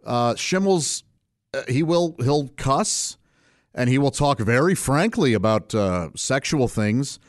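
A middle-aged man, a stand-up comedian, giving a casual interview answer in a laid-back, unhurried way and chuckling often. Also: mid-range voice, lively intonation, no room sound, studio quality.

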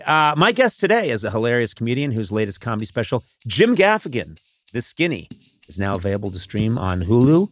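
An older man hosting a podcast in casual banter, animated and teasing in a mock-pompous way. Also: medium pitch, brisk. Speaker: podcast host.

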